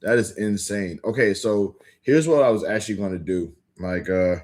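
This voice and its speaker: A young man chatting casually with viewers on a livestream, rambling with lots of filler words and quick restarts. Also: on the low side, darkish tone. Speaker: livestream host. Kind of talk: casual live-stream chat with viewers.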